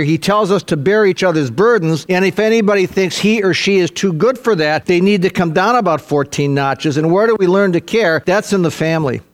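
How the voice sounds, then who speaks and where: An older man preaching a sermon in a folksy, emphatic way, swinging from soft asides to fervent, rising peaks. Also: on the high side. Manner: folksy, peppers talk with "see" and "man". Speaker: pastor.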